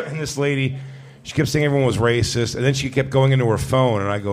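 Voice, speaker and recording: A man's voice: mid-range voice, fast. A man who is a comedian, telling a story in a casual chat, brash and profane, laughing as he goes.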